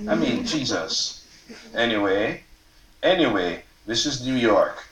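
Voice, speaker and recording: A man, the author, reading aloud from his novel at a live event, expressive and casual, sometimes swearing and laughing at his own lines. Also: medium pitch, normal speed. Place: event stage before an audience. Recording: roomy hall, mic from far off.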